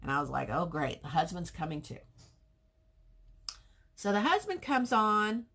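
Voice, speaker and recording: A woman who grooms pets for a living tells a casual, animated vlog story about a customer encounter, acting out both sides of the conversation. Her voice is fairly low and a little slow.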